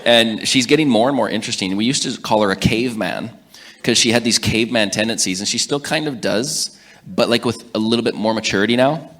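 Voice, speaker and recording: A man in his thirties giving a leadership talk, telling animated stories about his young daughters. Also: on the low side, brisk. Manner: animated storyteller, acts out his daughters' lines. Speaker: leadership speaker.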